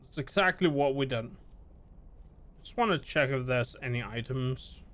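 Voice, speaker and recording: A man's voice: mid-range voice, moderate pace, a bit bright. A man streaming a game, casually commenting and muttering playfully to himself with silly beeping noises.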